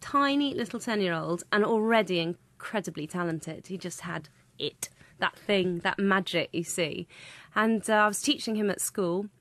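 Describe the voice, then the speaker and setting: A woman's voice: medium pitch, moderate pace, a bit bright, dry recording. A woman who runs a comedy school, telling enthusiastic anecdotes in an interview. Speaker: comedy school founder and teacher. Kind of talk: interview answers.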